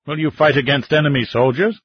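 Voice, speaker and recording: A man's voice: on the high side, fairly quick, breathy edge, no room sound. A man voicing a firm mining boss. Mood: urging. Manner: reasoning, firm. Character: middle-aged male mining company chief. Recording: dull, slightly muffled audiobook sound.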